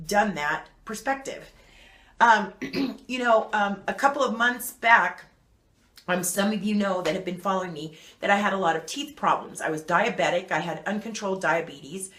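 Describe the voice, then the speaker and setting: A woman's voice: medium pitch, fairly bright tone. A woman hosting her own channel, talking casually and rambling with lots of fillers. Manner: chatty and rambling, with many fillers. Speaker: channel host. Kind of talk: casual talk to camera. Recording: echoey room.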